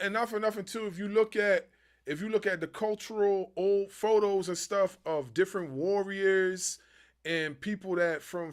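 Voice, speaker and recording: A man from New Jersey hosting a casual interview, relaxed and conversational. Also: sits high. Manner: relaxed and conversational, with filler "you know".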